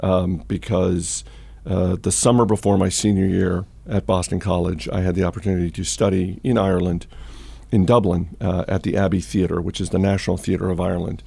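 Chatting about markets and telling stories on his podcast, the host talks a little fast in a low, dark voice with vocal fry and a breathy edge. His delivery is flat and full of fillers and restarts, and the recording has no echo.

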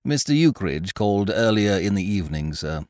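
A man voicing a stiff, formal older landlord who speaks in a grave, deferential, measured way. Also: lowish voice, very animated, darkish tone, no echo, studio quality. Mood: solemn.

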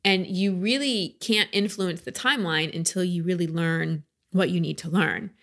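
Chatty woman podcast host, slightly low. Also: moderate pace, a bit bright. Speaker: podcast host and life coach. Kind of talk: podcast monologue.

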